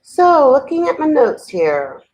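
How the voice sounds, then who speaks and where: A middle-aged woman teaching a spiritual talk in a conversational way, often asking "okay?", then slowing and softening to lead a guided meditation. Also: high voice, sing-song, poor audio. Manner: slows and softens while guiding breathing.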